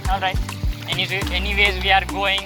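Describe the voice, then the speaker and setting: A young man with an Indian English accent, vlogging outdoors while riding a bicycle through flooded streets, excitable and swearing a lot. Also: high voice, a little fast, over music. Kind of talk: casual vlog commentary.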